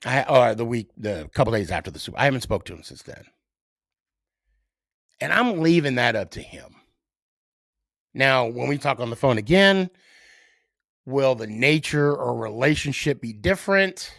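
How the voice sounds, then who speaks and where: A middle-aged man hosting a solo podcast, giving his views in a halting way, full of fillers and restarts. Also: mid-range voice, expressive, gravelly, fairly bright tone, dry recording, studio quality. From United States. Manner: hesitant, many fillers and restarts. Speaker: podcast host.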